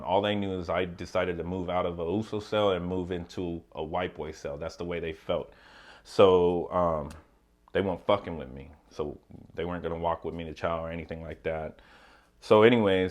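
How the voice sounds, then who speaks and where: A man casually telling his prison story to the camera, loose and profane, with many fillers and asides. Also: low-pitched.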